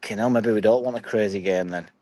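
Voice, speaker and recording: Yorkshire football-fan streamer, young man, lowish voice, dry close sound, sweary and chatty with his viewers. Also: quick pace, dark tone, no echo, low-quality recording. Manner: chatty, sweary, banters with live chat. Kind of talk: casual live-stream chat.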